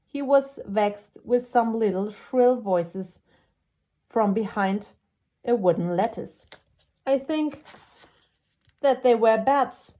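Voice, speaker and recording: A woman reading a classic storybook aloud as a gentle, unhurried storyteller. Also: medium pitch.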